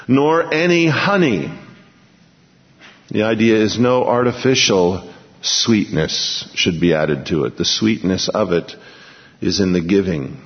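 A pastor teaching an expository sermon, reading scripture aloud and then explaining it with emphatic repetition. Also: male voice, deep voice, measured pace. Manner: emphatic, repeats key phrases. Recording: lo-fi recording in a large reverberant hall.

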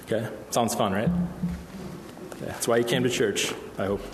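A man's voice: mid-range voice, steady tone, normal speed, noisy background. A man preaching a conversational sermon in church, often checking in with the congregation. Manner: conversational, asks the room "okay?" often. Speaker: pastor. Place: church hall. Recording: echoey hall with long reverb.

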